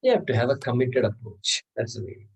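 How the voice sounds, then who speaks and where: A man's voice: medium pitch, sing-song, brisk, slightly rough, rough recording. A man, teaching a scripture class and explaining terms patiently, repeating words and chuckling often. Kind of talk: class lecture.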